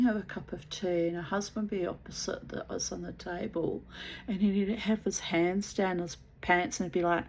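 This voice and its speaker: A woman's voice: mid-range voice, breathy edge, rough recording. A woman telling a personal story in a blunt, casual way, swearing freely and laughing at herself.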